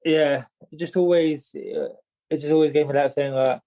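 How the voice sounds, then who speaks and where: A young man, a boxer appearing as a podcast guest, tells stories casually in a fairly high, mellow voice with a steady tone and moderate pace. He rambles and repeats words, dropping "mate" and "do you know what I mean" again and again. The recording is rough.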